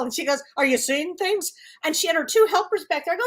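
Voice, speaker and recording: A woman co-hosting a talk show as a psychic medium, telling stories in an animated, laughing way. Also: extremely high pitch, normal speed. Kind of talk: casual storytelling chat.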